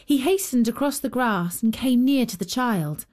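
A woman hosting and narrating a fairy tale with gentle, expressive storytelling. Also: fairly high pitch, normal speed. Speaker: storyteller and host.

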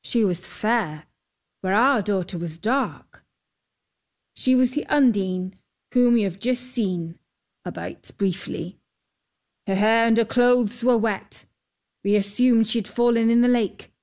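A man's voice: high voice, takes it slowly. A woman telling it as an old grieving foster father.

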